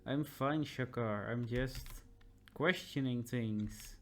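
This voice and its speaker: A man voicing a stern, burdened army captain in a video game, speaking in a measured, grave and authoritative way. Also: mid-range voice.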